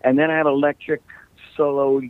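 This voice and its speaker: A man's voice: on the high side, flat delivery, a little fast, smooth, dry recording. A middle-aged man, a rock singer, chatting loosely as a guest, his voice a little scratchy, joking and rambling through stories. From United States. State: slightly scratchy voice. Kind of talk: casual interview chat. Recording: dry, tinny call line.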